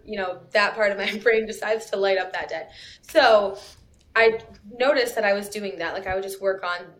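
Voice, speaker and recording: A young adult woman in a casual podcast interview, chatty and quick, full of asides. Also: mid-range voice, fairly bright tone. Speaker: guest copywriter.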